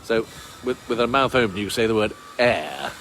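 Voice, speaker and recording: A man's voice: lowish voice, expressive, moderate pace, a bit bright, a little hiss or hum. Rambling man with a posh English accent. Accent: English received pronunciation. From Bristol, England. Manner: chatty, rambling, many uh fillers, wry asides. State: cold outdoors. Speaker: tour guide. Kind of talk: walking tour talk to camera. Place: outdoor street in a town centre.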